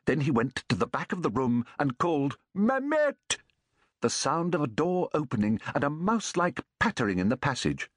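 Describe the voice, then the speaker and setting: A man narrating a story aloud in a measured, expressive reading as an audiobook narrator. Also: mid-range voice, no echo.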